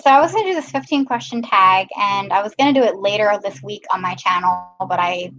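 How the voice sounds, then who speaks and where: A woman's voice: medium pitch, brisk, fairly bright tone, lo-fi sound, slight background noise. A woman hosting a casual live stream, chatting and greeting viewers by name. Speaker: live-stream host filling in.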